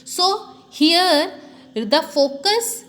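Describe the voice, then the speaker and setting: A woman's voice: extremely high pitch, animated, extremely slow, a bit bright. A woman teaching a grammar lesson, explaining step by step and saying "okay" often. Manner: explanatory, repeats "okay" often, many restarts.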